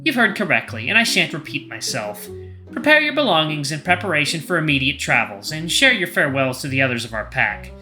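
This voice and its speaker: Stern regal lioness queen, formal and commanding, high and bright; man in the role. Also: very animated, fairly quick, soft background music, heavily acted.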